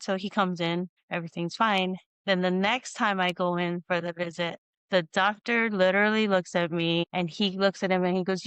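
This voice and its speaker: A woman hosting a podcast, telling a personal story in a casual, animated way and acting out the dialogue. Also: on the low side, moderate pace, hardly any pauses, clear, resonant tone, no echo. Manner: animated, acts out quoted dialogue with lots of "you know". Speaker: podcast host.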